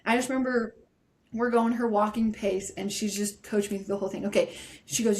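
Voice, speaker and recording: A woman with a slightly high voice tells stories as a podcast guest. She talks casually and with a lot of energy, and she acts out the lines of the people she quotes. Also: a little fast, a little mellow. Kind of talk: casual storytelling interview.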